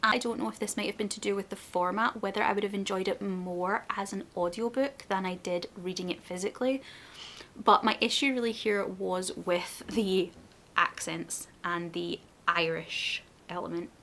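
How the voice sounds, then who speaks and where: A woman's voice: mid-range voice, steady tone, normal speed, fairly bright tone, a little hiss or hum. Woman venting about books. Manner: candid, exasperated complaining. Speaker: book reviewer. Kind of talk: casual book review vlog.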